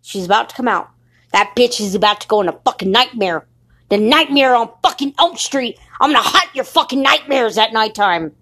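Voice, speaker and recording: A woman's voice: fairly high pitch, expressive, moderate pace, a bit bright. A young adult woman ranting in an angry, defiant monologue, swearing constantly and sounding short on sleep. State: sleep-deprived. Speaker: podcaster.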